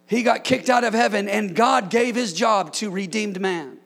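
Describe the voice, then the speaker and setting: A man preaching a sermon as a pastor in a church, shouting key lines and cracking jokes in between. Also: high voice, normal speed, gravelly. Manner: preaching with shouted emphasis and playful asides.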